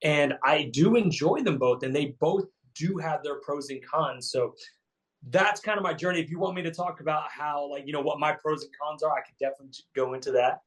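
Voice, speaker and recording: A man's voice: fairly high pitch, a little fast, poor audio. A man in his thirties, a fitness coach telling his story as a guest in a casual, chatty way, full of fillers and repeats. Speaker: keto coach, podcast guest.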